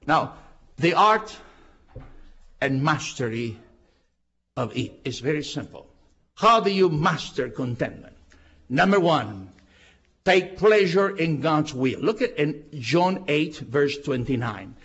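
A man's voice: a little high, animated, slow, pauses often, a bit bright, slightly rough. A male pastor preaching a sermon with rhetorical questions, repeating key phrases for emphasis, on a dull lo-fi recording.

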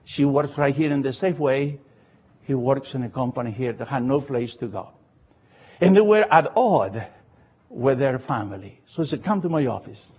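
A man's voice: mid-range voice, animated, normal speed, darkish tone, husky. A man pastor with an accent preaching a fervent sermon and prayer in an auditorium. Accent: non-native English accent. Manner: fervent preaching with surging emphasis. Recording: muffled lo-fi radio broadcast.

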